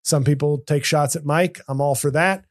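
A man's voice: a little high, steady tone, moderate pace. A man hosting a comedy podcast, talking casually in rambling, self-interrupting runs with joking asides. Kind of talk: casual chat.

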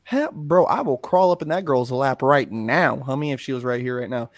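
A man co-hosting a podcast in casual chat, talking in a rambling, animated and profane way. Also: mid-range voice, moderate pace, dry recording. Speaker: podcast co-host.

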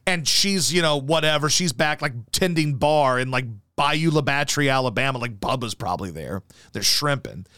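A man's voice: medium pitch, lively intonation, normal speed, pushed and bright, dry recording, studio quality. A man hosting a talk show, telling rambling, profane stories in casual chat. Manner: profane, rambling storytelling full of fillers. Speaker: show host.

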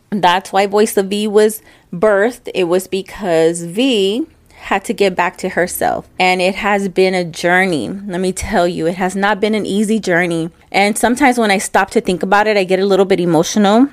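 A woman's voice: medium pitch, no echo, clean studio sound. A woman hosting her own podcast, talking to her listeners in a chatty, personal way. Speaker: podcast host. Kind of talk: casual podcast monologue.

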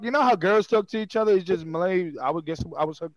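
A man's voice: high-pitched, fast, hardly any pauses, no room sound. A young man, telling stories animatedly over a video call. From Brooklyn, New York. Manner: animated storyteller, full of fillers and acted quotes. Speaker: guest, comedian. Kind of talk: casual chat.

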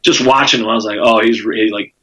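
A Southern man with a bright, forward voice and a slightly husky texture tells stories as a comedian guest. His speech rambles, full of fillers and profanity, in a loose podcast conversation. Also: on the low side, fairly even intonation, fairly quick, poor audio. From South Carolina. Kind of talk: casual podcast chat.

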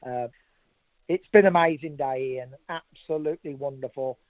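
Cheerful guest on a dull phone line. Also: male voice, medium pitch, moderate pace, dry recording. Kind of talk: casual interview. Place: home.

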